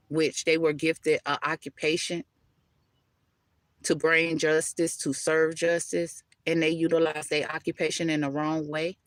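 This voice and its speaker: A woman's voice: low voice, dry recording. A woman giving a live tarot-style spiritual reading, emphatic and repetitive, calling the listener baby and honey, talking loosely with self-interruptions. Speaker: tarot reader.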